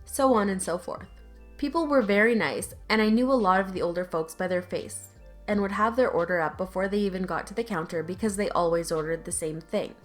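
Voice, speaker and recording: A woman's voice: medium pitch, brisk, soft background music. A woman narrating online stories aloud in a conversational, lightly sarcastic reading style, with casual asides. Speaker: YouTube story narrator.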